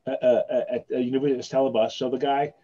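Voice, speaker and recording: A man's voice: medium pitch, level tone, racing, warm tone, dull audio. A man, a magician guest, telling long rambling anecdotes with many restarts in casual podcast chat. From South Africa.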